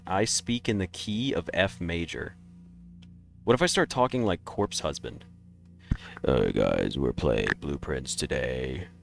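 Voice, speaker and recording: A man streaming a game, chatting casually and rambling through opinionated takes. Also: low voice. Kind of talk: casual live-stream chat.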